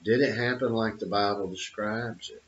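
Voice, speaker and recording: Speaking in a fairly low voice at normal speed with fairly even intonation, a middle-aged man hosts his channel. He gives an opinionated, emphatic monologue, repeating phrases and using lots of fillers, on dull lo-fi audio.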